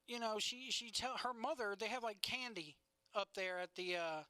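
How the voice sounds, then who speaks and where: A woman's voice: a little high, normal speed, pushed and bright, clean tone, no echo. A woman co-hosting a casual chat show, telling stories animatedly and swearing freely. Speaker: podcast co-host.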